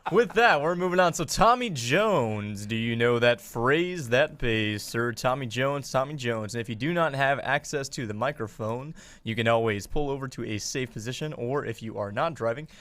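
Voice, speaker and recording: A man's voice: mid-range voice, animated, normal speed, few pauses, fairly bright tone. A man working as producer on a live show, patiently and cheerfully calling on listeners. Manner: patient, upbeat, repeats prompts. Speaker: show producer taking callers. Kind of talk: live call-in moderation.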